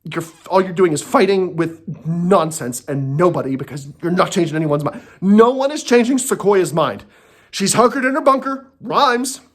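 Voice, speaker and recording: A man rants from his home in a sarcastic comedy monologue, full of swearing and outbursts. His voice leaps around in pitch with a very lively, animated delivery. He often talks to himself and loses his train of thought. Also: normal speed. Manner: angry, profane and sarcastic. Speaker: comedic rant host.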